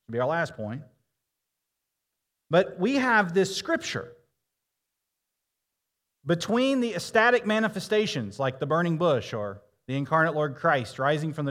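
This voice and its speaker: Man, pastor, sermon, earnest preaching, emphatic slow phrases, slightly raised pitch. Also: a bit bright.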